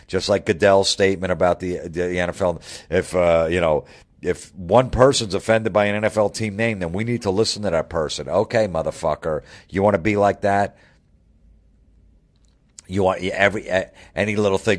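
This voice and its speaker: A man's voice: low voice, fairly even intonation, moderate pace. A man hosting a radio show, delivering a heated, profane, sarcastic rant. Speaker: radio host. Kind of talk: ranting monologue.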